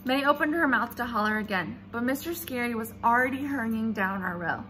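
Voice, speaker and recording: A woman reading a children's chapter book aloud in an animated, expressive storytelling manner. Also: a little high, brisk, slight background noise. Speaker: reader.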